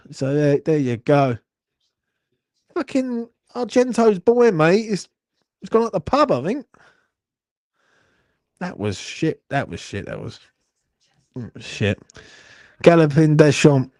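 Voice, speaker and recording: A man's voice: on the high side, a little mellow, no room sound, clean studio sound. A young man, hosting a live horse racing watchalong, swearing and grumbling in a rambling way. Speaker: watchalong host.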